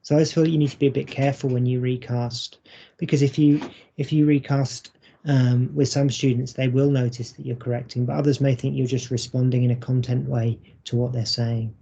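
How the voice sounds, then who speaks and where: A man presenting a recorded workshop for English teachers, speaking in a measured, explanatory way with frequent ums. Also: medium pitch, little pitch movement, vocal fry, warm tone, breathy edge. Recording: dull lo-fi audio.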